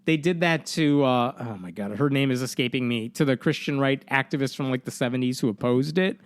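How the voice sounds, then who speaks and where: A man's voice: medium pitch, a little fast, smooth, dry recording, studio quality. A young man co-hosting a podcast in casual chat, rambling with many fillers and restarts. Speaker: podcast co-host.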